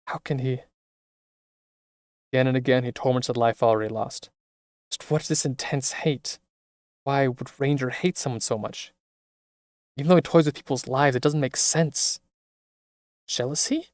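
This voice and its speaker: A man reading the quiet inner monologue of a troubled young woman in a video game. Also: medium pitch, moderate pace, long pauses, no room sound, clean studio sound, natural voice. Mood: brooding.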